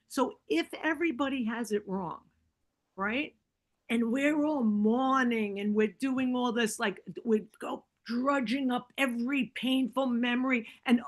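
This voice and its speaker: A woman's voice: a little high, normal speed. A woman guest on a podcast telling personal stories in a casual way, acting out what people said and leaning on "like" and "right?". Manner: animated, acts out quoted dialogue; fillers like "like" and "right?".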